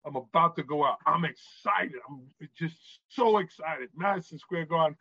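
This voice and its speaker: Man from new york, animated storyteller, fairly high voice, dull dry recording. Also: moderate pace, slightly rough, no echo. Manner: animated storyteller, often asks "right?". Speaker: guest, author and former referee. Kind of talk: storytelling in a podcast interview.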